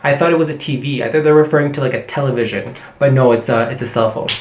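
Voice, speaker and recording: A chatty, animated language teacher talks through a casual vocabulary lesson at a middling pitch. Portuguese words and phrases come up often, between fillers and self-corrections. The room gives the voice a noticeable echo. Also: racing, slight background noise.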